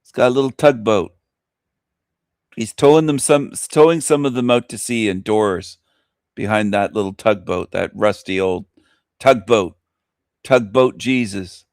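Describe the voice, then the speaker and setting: A man's voice: lowish voice, a little slow, long pauses, darkish tone, no echo. Man, radio host, shock-jock rant, crude, laughing, dry close sound. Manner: crude, ranting, laughs at own jokes.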